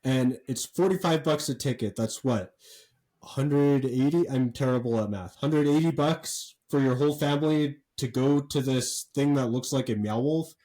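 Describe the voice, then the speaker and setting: A man co-hosting a podcast, telling a story in a rambling, animated way with lots of fillers and swearing. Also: mid-range voice, normal speed, poor audio. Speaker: podcast co-host. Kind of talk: casual chat.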